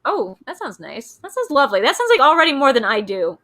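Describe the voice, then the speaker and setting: A woman's voice: high voice, sing-song, quick pace, over a noisy crowd, poor audio. A young woman hosting a casual chat, rambling with lots of fillers. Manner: chatty, rambling with many fillers. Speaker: host.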